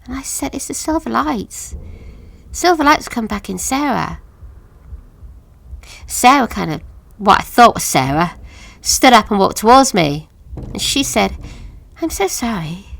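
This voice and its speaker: An actress playing a haunted woman, recalling a childhood horror in a halting, hushed audio drama monologue that sinks to whispers. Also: a little high, big pitch swings, gravelly, full character voice. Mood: frightened. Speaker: witness recounting an account.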